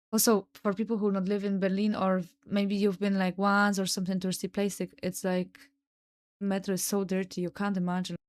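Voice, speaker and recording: A young woman with a Polish accent, hosting a podcast and telling stories in a chatty way, peppered with "like" and "no?" and swearing. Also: medium pitch. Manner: chatty, lots of "like" and "no?" tags, swears freely. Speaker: podcast host. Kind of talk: casual storytelling monologue.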